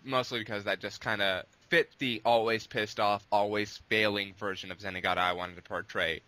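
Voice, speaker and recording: Male interview guest, casual and rambling, with a bright, forceful tone. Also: on the low side, fairly even intonation, moderate pace, dry recording. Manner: long-winded, rambling with restarts. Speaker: guest, abridged series creator.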